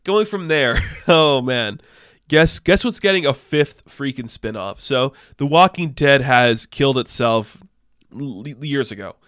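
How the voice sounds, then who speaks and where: A man runs through entertainment news in a loose, excitable way, swearing now and then as his enthusiasm builds. His voice is smooth and clear. It is recorded close and dry. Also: medium pitch, a little slow, dry recording. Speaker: movie news host. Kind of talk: casual entertainment news commentary.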